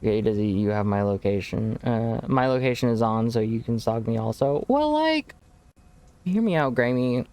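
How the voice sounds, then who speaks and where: A man's voice: on the low side, steady tone, fairly quick, hardly any pauses, darkish tone, clean tone. A young man chatting casually to viewers on a game stream, laid-back and rambling, calling people bro. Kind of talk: casual live-stream chat while gaming.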